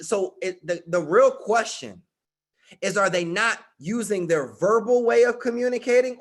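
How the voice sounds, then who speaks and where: A middle-aged man with a high, fairly bright voice coaches a live group. He is emphatic and direct, calls on listeners by name, and repeats his points in this motivational talk with an audience.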